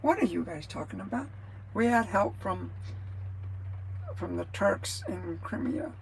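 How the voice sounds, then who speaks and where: Slow, gravelly woman streamer rambling on. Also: medium pitch, expressive, background noise. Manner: rambling, chatty, answers viewer comments. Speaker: livestreamer. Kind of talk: casual live-stream chat.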